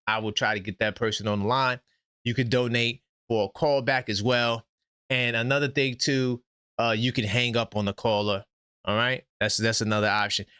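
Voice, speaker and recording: A man hosting a live call-in sports show, talking fast and exasperated in slangy casual speech. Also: mid-range voice, fairly bright tone, dry recording, studio quality.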